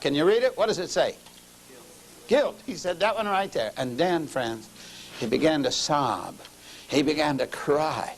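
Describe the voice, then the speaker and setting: A middle-aged man preaches a sermon built around a story, sinking to low murmurs and then raising his voice for emphasis. The recording is low quality.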